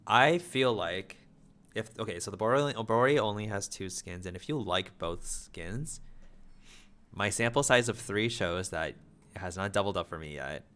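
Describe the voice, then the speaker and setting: Fast-talking low-voiced male streamer. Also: expressive, sharp tone. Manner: stutters and mumbles, repeats words. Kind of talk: casual live-stream chat with viewers.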